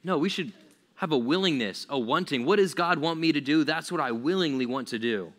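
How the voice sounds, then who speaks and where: A man's voice: on the high side, brisk. A man preaching a casual sermon to young listeners, chatty and full of "like" fillers, laughing often. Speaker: pastor.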